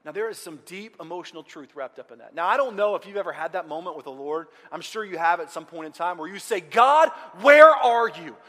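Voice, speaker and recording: A man preaching a sermon as pastor, moving between loud outcries and hushed, quiet passages. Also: on the high side, fast, few pauses. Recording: long hall reverb.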